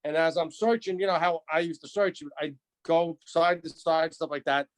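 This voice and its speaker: In an interview, a retired firefighter in his 60s recounts an old story at a moderate pace. His voice is a little high for a man, and he speaks in animated bursts, repeating himself as he builds the scene.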